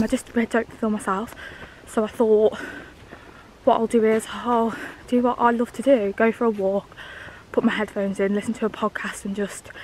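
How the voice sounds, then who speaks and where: Young girl vlogging on a walk, slightly high voice, a bit out of breath, faint outdoor hiss. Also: poor audio. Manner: chatty, fast, anxious rambling. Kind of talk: casual vlog chat. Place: outdoors walking through woods and hills.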